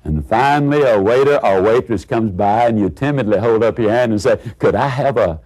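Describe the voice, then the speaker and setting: A man's voice: fairly low pitch, a little fast. A man giving a motivational speech, telling stories, acting out the characters and asking the audience rhetorical questions. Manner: animated storyteller who acts out characters. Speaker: motivational speaker.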